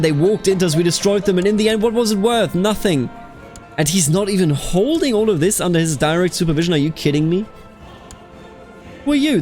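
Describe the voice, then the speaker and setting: A man hosting a strategy game let's play, chatting casually with exasperated outbursts and reading game events aloud. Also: on the high side. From Bavaria. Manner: animated, exasperated outbursts, calls people dude.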